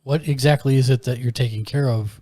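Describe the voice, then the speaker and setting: A man's voice: medium pitch, steady tone, fairly quick, mellow, no room sound, studio quality, close to an everyday voice. A man voicing an earnest male adventurer in a tabletop game, urging a mayor to accept help. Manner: earnest and persuasive.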